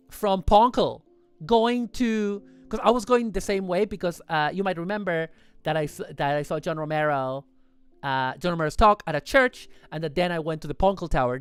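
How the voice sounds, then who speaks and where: A livestream host chatting casually over photos in a rambling, excitable way, often correcting themselves mid-sentence. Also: mid-range voice, clear, resonant tone, no room sound.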